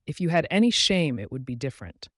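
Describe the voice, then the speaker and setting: A woman's voice: low voice, sing-song, quick pace, dry recording, studio quality. A man voicing a reproachful, sobbing Scottish woman friend in an audiobook.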